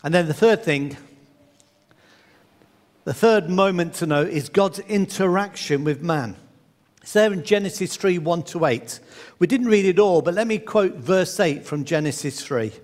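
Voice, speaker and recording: Male preacher, high voice, earnest sermon, long hall echo. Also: animated, a little slow, a little mellow. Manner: earnest, acts out voices in stories.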